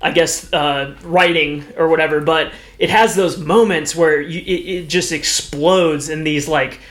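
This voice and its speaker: A man's voice: a little high, steady tone, a little slow, a bit bright. A man co-hosting a podcast in casual chat, rambling with many restarts and fillers. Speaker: podcast co-host.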